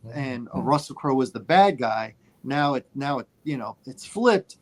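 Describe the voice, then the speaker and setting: A man co-hosting a casual movie podcast, telling a story in an animated way and repeating phrases for emphasis. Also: mid-range voice, normal speed. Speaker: podcast co-host.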